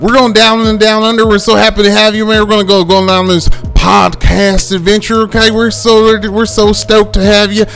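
A man's voice: sits high, level tone, moderate pace, gravelly, hardly any pauses, faint music behind, pitched above the performer's own voice. A man doing a hyped fake Aussie party host. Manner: loud, hyped, bad put-on accent.

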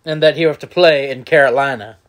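A young man co-hosting a casual sports podcast, teasing his partner and quick to laugh. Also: mid-range voice, fairly bright tone. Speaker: podcast co-host.

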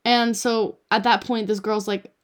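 A woman's voice: mid-range voice, measured pace. A young woman co-hosting a podcast, chatting casually and acting out the voices of people in her stories. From United States. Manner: animated storyteller, acts out quoted voices. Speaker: podcast co-host. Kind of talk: casual chat.

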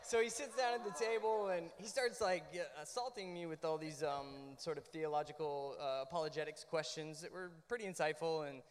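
High-voiced man telling a story in a reverberant space. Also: a little fast, hardly any pauses. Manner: animated, many fillers and restarts, laughs while telling. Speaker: panel guest. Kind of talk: casual anecdotal storytelling.

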